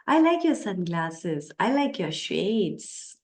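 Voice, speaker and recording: Slow-speaking woman English teacher. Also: mid-range voice, very animated, a little mellow. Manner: slow, with many "uh" pauses, reading out example phrases. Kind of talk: English lesson.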